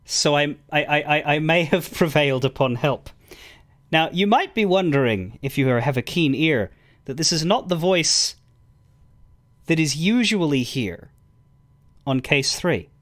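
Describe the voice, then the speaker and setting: Playful male streamer, lively voice. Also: on the high side, a little slow. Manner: playful, self-deprecating asides. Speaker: streamer voicing a game. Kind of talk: casual let's-play commentary.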